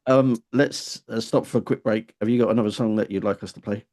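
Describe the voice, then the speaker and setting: A man's voice: fairly low pitch, fairly even intonation, brisk, darkish tone. A man hosting a casual radio interview, chummy, with brief prompts and interjections. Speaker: radio host.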